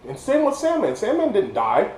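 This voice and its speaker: A man, a little drunk, reviewing a movie in a casual monologue, excited and rambling, stumbling over words and restarting often. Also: sits high, moderate pace, reverberant, slight background noise, low-quality recording. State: tipsy.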